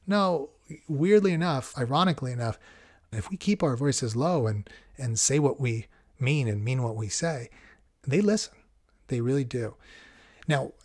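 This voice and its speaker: A man talks in an easy, conversational way. He is a podcast host, speaking reflectively in a calm, unhurried monologue. His voice sits at an ordinary male pitch.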